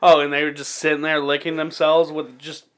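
A man's voice: on the high side, level tone, a little fast, fairly bright tone. A young man in his twenties co-hosting a casual podcast, swearing freely and laughing through his own crude jokes. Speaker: podcast co-host.

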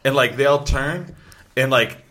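A man's voice: medium pitch, a little slow, fairly bright tone. A man co-hosting a casual chat show, telling loose, profane stories and acting out other people's lines. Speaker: podcast co-host.

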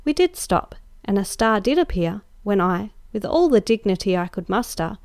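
A woman narrating a classic story aloud as guest host, measured and dryly expressive. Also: medium pitch, no echo. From Australia. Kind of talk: audiobook narration.

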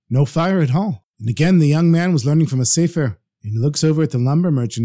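A man narrating a spoken story with animated storytelling delivery. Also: fairly high pitch, fast, hardly any pauses, husky.

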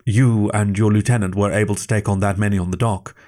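A jittery, pleading male fox scholar whose voice climbs when he grows desperate, dropping German words as he talks, put on by a male storyteller. He sounds earnest and hurried in an audio story. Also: fairly low pitch, fairly even intonation, mellow, natural voice. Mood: earnest worried. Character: anxious defecting male fox scientist.

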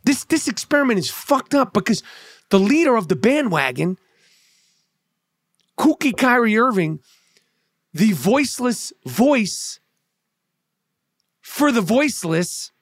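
A man's voice: sits high, fairly bright tone, no room sound, studio quality. A male comedian delivering a heated, profane sports rant, blunt and sarcastic, stumbling over repeated words.

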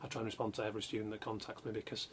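Host: Yorkshire man, brisk pace, enthusiastic interviewer. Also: on the low side, level tone, a little hiss or hum. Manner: enthusiastic, supportive, many small agreements. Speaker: podcast host. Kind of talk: casual interview chat.

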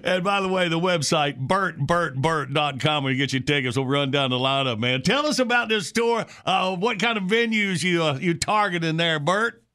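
A high-voiced man hosting a morning radio interview, with a bright, forceful tone. He sounds upbeat as he pitches dates and tickets, in a studio broadcast sound. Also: animated, normal speed, hardly any pauses. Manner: upbeat, plugs tour dates. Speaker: radio host.

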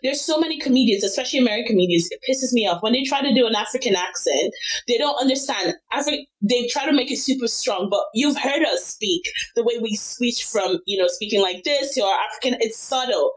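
Outspoken woman, slightly high voice. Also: lively intonation, fairly quick, poor audio. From Nigeria. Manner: outspoken, teasing. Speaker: podcast guest. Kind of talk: casual chat.

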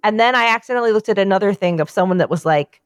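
A woman co-hosting a podcast, talking in loose, excitable rambles and swearing freely. Her voice sits at a middling pitch. The sound is dry and close, with no room echo. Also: rapid-fire, clear, resonant tone. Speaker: podcast co-host. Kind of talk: casual chat.

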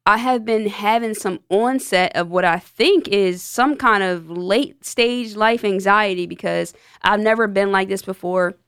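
A woman's voice: medium pitch, unhurried, a bit bright, smooth, no room sound. A woman hosting a podcast in a studio, chatting openly and jokingly about her own feelings. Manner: candid, joking, talks through her feelings. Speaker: podcast host. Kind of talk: casual podcast chat.

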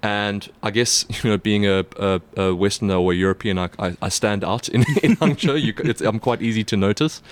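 A man's voice: on the low side, a little fast, hardly any pauses. A man reporting on sports, chatting casually with colleagues, with lots of fillers and restarts. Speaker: sports reporter co-hosting a podcast. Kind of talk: casual chat.

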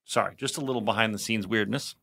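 A man co-hosting a podcast in casual chat, telling animated stories and putting on voices for quotes. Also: on the low side, fast talker, creaky. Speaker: podcast co-host.

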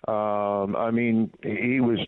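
A man's voice: fairly low pitch, level tone, slow, no room sound. A middle-aged man, a guest on a radio show, telling stories in a rambling way with many fillers and restarts. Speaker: guest, former baseball PR director. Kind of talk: casual radio interview storytelling. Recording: tinny phone line, dry.

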